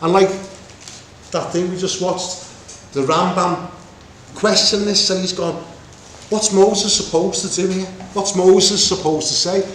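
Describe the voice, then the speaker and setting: Man, preacher, high voice, animated Bible teaching, echoey room, faint background hum. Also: a little slow. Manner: animated, acts out voices of God and Moses. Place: meeting room with congregation.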